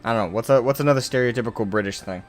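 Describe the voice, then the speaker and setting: A man's voice: medium pitch, racing, faint music behind. A man streaming a game live, chatting casually with viewers, rambling and correcting himself as he jokes with the chat. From United States.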